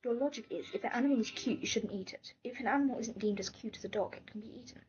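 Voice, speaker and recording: Woman, soft-spoken, often whispering, muffled recording with faint hiss. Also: a little high, fast. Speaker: gaming channel host. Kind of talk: casual gameplay commentary and comment reading.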